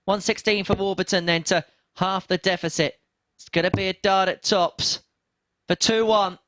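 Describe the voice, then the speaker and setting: Higher-voiced male darts commentator, dry sound. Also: fairly even intonation, moderate pace, a bit bright, dry recording. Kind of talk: live sports commentary.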